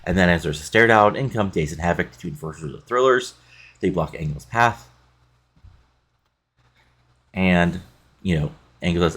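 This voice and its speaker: A man's voice: deep voice, normal speed, pauses often, a bit bright. A man casually recapping a wrestling sim game, rambling with many fillers. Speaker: game playthrough narrator.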